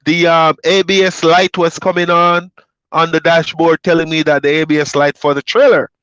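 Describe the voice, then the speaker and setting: A man's voice: fairly high pitch, moderate pace, smooth, no room sound, highs cut off. A man from Jamaica who drives trucks, chatting casually to his viewers and rambling through road stories with plenty of fillers. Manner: relaxed, rambling storytelling with fillers.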